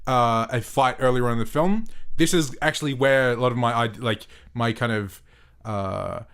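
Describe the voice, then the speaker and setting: A man's voice: medium pitch, moderate pace, a bit bright, clean tone. Man, podcast co-host, thoughtful, hesitant, rambling film talk. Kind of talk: casual film review chat.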